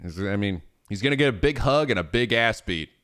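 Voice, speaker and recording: A young man streaming, chatting in an animated, profane way and laughing often. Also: fairly low pitch, brisk. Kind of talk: casual gaming chat.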